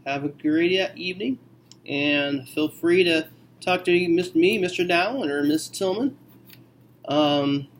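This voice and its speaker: A man teaching a math lesson, working through a problem slowly and thinking aloud with frequent okays. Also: fairly high pitch, a little hiss or hum.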